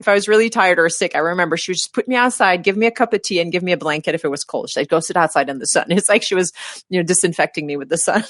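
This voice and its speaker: A middle-aged healthcare provider with a lowish voice rattles off her advice rapid-fire as a guest in a casual interview. She is animated and emphatic, acting out patients as she quotes them. The studio-quality audio has no room sound.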